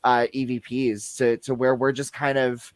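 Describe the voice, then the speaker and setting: Chatting on a podcast, the movie theater employee tells loose, filler-heavy stories. His delivery is flat, medium in pitch and moderately paced, recorded without echo.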